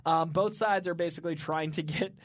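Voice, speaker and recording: A man's voice: on the high side, fairly even intonation, fairly quick, dry recording. A man co-hosting a podcast in casual chat, enthusiastic and rambling. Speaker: podcast co-host.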